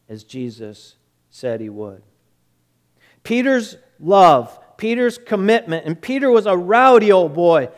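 A male preacher retelling a story in a sermon, emphatic, repeating words and dropping quiet. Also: on the high side.

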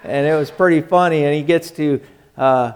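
A man's voice: on the high side, steady tone, a little fast, darkish tone, smooth. A male pastor giving a folksy, conversational sermon, joking and often restarting his sentences.

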